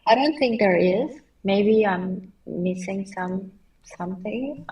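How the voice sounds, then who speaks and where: A woman's voice: medium pitch, slow pace, recorded from a distance, muffled recording. A woman guest on a podcast in casual chat, speaking unhurriedly with some hesitation. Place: podcast recording in Seoul.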